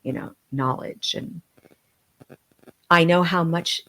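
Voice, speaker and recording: A middle-aged woman, a guest on a podcast, telling personal stories in an earnest, heartfelt way with halting restarts. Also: lowish voice, bright, forceful tone. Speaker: podcast guest, medium and author. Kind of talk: emotional personal storytelling.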